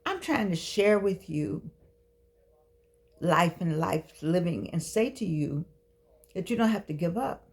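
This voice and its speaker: A woman's voice: fairly low pitch, lively intonation, slow, vocal fry, long pauses. A woman, giving a chatty, emphatic motivational talk to camera. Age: 60s. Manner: chatty, preachy, folksy and emphatic. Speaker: vlogger speaking to seniors.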